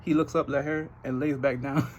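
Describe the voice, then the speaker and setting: A Trinidadian man hosting a podcast in a casual monologue, telling animated stories and laughing often. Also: a little high, normal speed, muffled recording, slight background noise. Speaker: podcast host.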